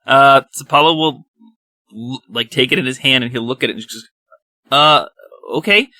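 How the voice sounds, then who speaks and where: Player, male, bright tone, dry close sound, hesitant, lots of ums. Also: mid-range voice, fairly quick, no echo. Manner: hesitant, many fillers. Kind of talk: tabletop game play.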